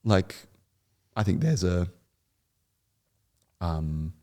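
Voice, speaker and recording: A man's voice: deep voice, lively intonation, extremely slow, dark tone. A young man speaking as a podcast guest, telling his story in an earnest, rambling way with many restarts. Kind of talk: podcast interview.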